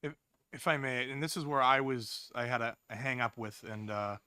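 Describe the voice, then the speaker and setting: Forceful man raising a legal concern. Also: medium pitch, moderate pace, clear, resonant tone, no room sound. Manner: direct, methodical questioning. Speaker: committee member. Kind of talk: legislative committee discussion. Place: state house committee room.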